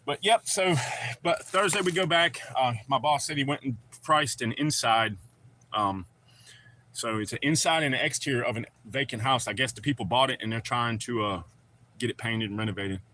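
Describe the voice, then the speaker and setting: A bright, forceful-sounding man, rambling easily through a live chat. He talks in loose slang and greets people as he goes. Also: mid-range voice, moderate pace, a little hiss or hum. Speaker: livestream host. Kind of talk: casual live chat reading comments.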